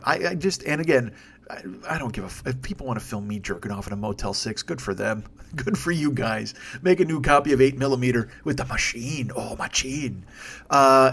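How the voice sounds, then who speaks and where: A man's voice: medium pitch, a bit bright, slight background noise. A man hosting his own podcast, ranting in a sarcastic, profane and rambling way into a desk microphone. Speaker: podcast host. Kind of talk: solo comedic rant.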